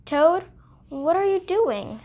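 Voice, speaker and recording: A woman voicing a small, frightened female mouse in a read-aloud storybook, squeaky and alarmed. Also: animated, takes it slowly, dull audio, full character voice.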